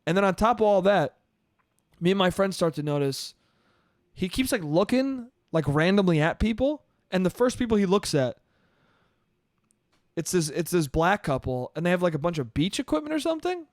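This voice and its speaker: A man's voice: high voice, very animated, moderate pace, dry recording, studio quality. A man hosting a solo comedy podcast, telling a story in an exasperated, profane way and saying "dude" often. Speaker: podcast host. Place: New York.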